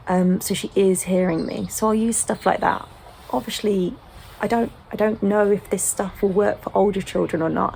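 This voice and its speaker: A young British woman, a home-educating mum, chatting casually and gently with frequent ums. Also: mid-range voice, vocal fry, slight background noise. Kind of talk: sit-down casual chat.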